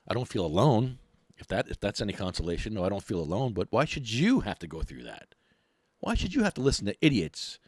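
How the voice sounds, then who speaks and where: A middle-aged man, hosting a podcast and ranting in a mocking, animated way. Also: on the low side, no room sound, studio quality. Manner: animated, mocking, laughs often. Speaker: podcast host.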